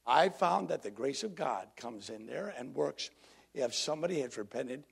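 A man's voice: medium pitch, animated, moderate pace, creaky, slightly rough. A man preaching a sermon to his congregation in a conversational way, drawing listeners in. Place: church congregation.

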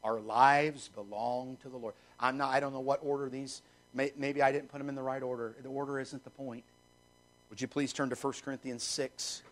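A man's voice: little pitch movement, moderate pace, rough recording. A man preaching a sermon, emphatic, repeating phrases and swinging his voice up and down for emphasis. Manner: emphatic preaching with wide swings in pitch and loudness. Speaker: pastor.

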